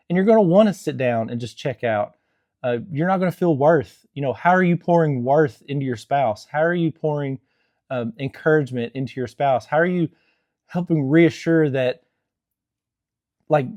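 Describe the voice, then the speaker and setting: A man's voice: mid-range voice, mellow, dry recording. A young man who is married and gives casual, earnest marriage advice to camera, rambling, with frequent restarts and fillers. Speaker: Christian marriage vlogger.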